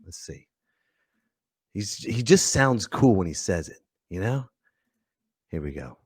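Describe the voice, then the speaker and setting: A man's voice: sits low, sing-song, takes it slowly, a little mellow, slightly rough, no echo, studio quality. A man hosting a casual livestream podcast, talking in a playful, jokey way. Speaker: host.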